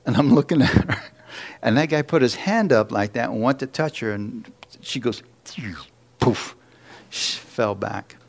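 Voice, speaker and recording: A man's voice: medium pitch, normal speed. A man preaching in church, telling a story with acted-out quotes and little jokes. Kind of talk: sermon testimony.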